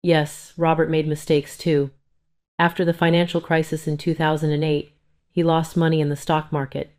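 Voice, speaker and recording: A woman's voice: low voice, flat delivery, normal speed, a little mellow, lightly acted. A woman reading the lines of a grown daughter pleading tearfully with her mother. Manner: pleading, emotional.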